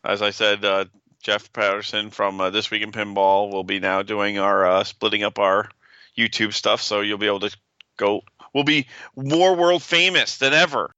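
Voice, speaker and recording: A man's voice: lowish voice, steady tone, moderate pace, bright, forceful tone, clean tone, no room sound, dull audio. A man co-hosting a casual podcast, talking in a playful, joking way. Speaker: podcast co-host.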